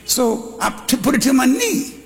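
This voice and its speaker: An older man from Texas, preaching a sermon with shouting and animated storytelling. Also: very high-pitched, normal speed. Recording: live church hall with congregation.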